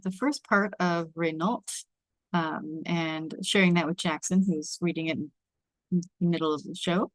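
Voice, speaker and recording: A woman's voice: lowish voice, no room sound. A woman from Washington state hosting an online table read over a video call, chatty and informal. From Washington state, USA.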